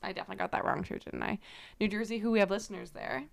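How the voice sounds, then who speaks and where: A young woman co-hosting a podcast, telling a rambling story full of fillers and quick apologies. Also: mid-range voice, fairly even intonation, vocal fry. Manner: rambling storyteller, filler-heavy, self-deprecating. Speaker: podcast co-host. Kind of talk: casual chat.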